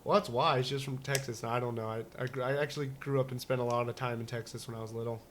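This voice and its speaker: A man's voice: medium pitch, fairly even intonation, fast, fairly bright tone, slight background noise. A man co-hosting a casual talk show, rambling and joking with many restarts and fillers. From United States. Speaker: podcast co-host. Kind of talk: casual chat.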